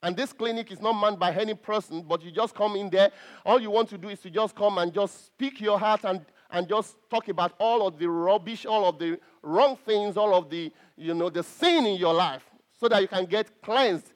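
Male preacher with a high voice, delivering an emphatic church sermon with frequent restarts. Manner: emphatic, stresses key words with pauses; repeats words as he restarts.

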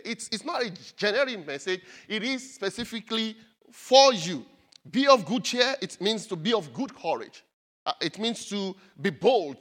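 A man's voice: high voice, a bit bright. A male pastor preaching a sermon, speaking emphatically and repeating key phrases for his congregation to take in.

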